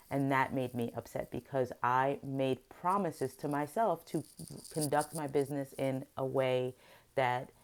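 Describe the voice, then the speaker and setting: A woman's voice: a bass voice, vocal fry, a little mellow. A middle-aged woman telling an upsetting story in a confessional vlog, emotional and full of restarts. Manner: emotional, venting, with many restarts. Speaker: vlogger and therapist.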